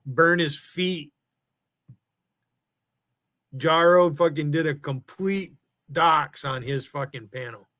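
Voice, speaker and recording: A man's voice: fairly high pitch, takes it slowly, pauses often, sharp tone. A man ranting angrily on a livestream, taunting and cursing at rival streamers and chatters. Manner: angry, profane, taunting. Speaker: live streamer. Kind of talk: profane livestream rant.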